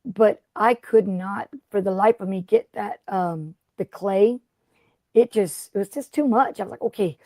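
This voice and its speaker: A chatty middle-aged woman with a lilt hosts a casual craft livestream. Her voice is mellow and warm, close and dry with no room sound. She rambles along and greets viewers by name. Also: mid-range voice, measured pace, dry recording. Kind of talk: casual live-stream chat.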